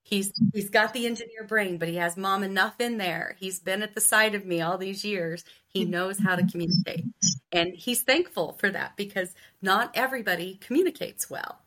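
Middle-aged woman from Ohio, sales coach guest, crisp and bright, acts out the people in her stories. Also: medium pitch, moderate pace. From Ohio, US Midwest. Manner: animated storyteller who acts out quoted dialogue. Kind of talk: casual interview storytelling.

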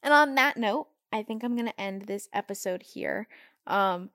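A teenage girl hosts her own podcast in a casual, bubbly, upbeat manner, her voice sitting in a middle pitch. The recording is dry and close, with no room echo. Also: moderate pace, a bit bright. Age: teens. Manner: bubbly, upbeat, acts out quoted chats in a higher voice. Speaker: podcast host. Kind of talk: casual solo podcast talk.

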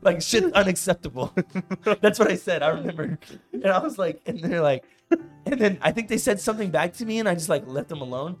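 Animated young man telling a story. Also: high voice, a little fast, soft background music. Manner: animated, laughs often, says "bro" and "I was like". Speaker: podcast co-host. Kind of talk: casual storytelling chat.

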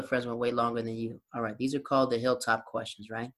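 A man's voice: mid-range voice, steady tone, quick pace, hardly any pauses, a bit bright. A man hosting a podcast, chatting casually and asking teasing questions. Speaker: podcast host. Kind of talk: casual interview chat.

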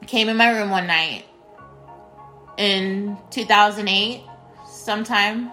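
A woman's voice: medium pitch, drawn-out words, pauses often, pushed and bright, faint music behind. A woman in her thirties hosting a casual solo podcast from a spare bedroom at home. She talks straight to her listeners and repeats her phrases. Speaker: podcast host.

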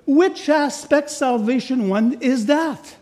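A middle-aged man with a notably high-pitched voice, preaching a sermon to a church congregation as guest speaker. He is animated and playful, reading scripture aloud and stopping to add emphatic asides and jokes. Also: takes it slowly. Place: church sanctuary.

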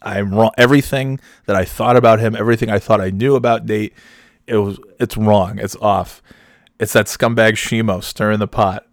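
Low-voiced man telling a profane anecdote. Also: fairly even intonation, normal speed, dry recording, studio quality. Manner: profane, laughing often, rambling restarts. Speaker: storyteller. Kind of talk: casual personal anecdote.

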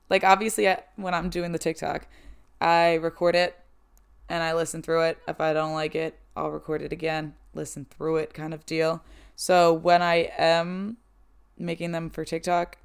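A raspy-voiced woman in her twenties hosting a podcast, chatting casually and poking fun at herself. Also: on the low side. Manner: chatty, self-deprecating, laughs often. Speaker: podcast host. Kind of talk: casual chat.

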